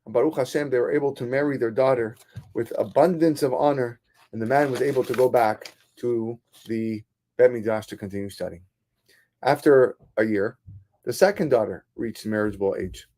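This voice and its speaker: A man who is a rabbi, telling a story in a sermon in an animated, dramatic way. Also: mid-range voice, moderate pace.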